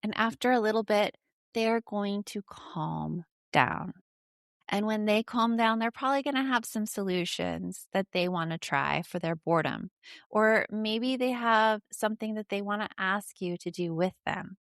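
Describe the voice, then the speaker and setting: A woman's voice: mid-range voice, measured pace, gravelly, dry recording, clean studio sound. A woman podcast host giving casual parenting advice, speaking directly and frankly to the listener.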